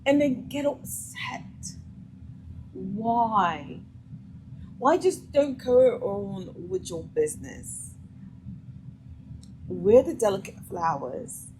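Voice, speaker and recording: A woman's voice: mid-range voice, expressive, extremely slow, pauses often, a little mellow, slight background noise, low-quality recording. A woman hosting a vlog, reacting to a clip with blunt, emphatic opinions in a casual way. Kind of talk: casual commentary.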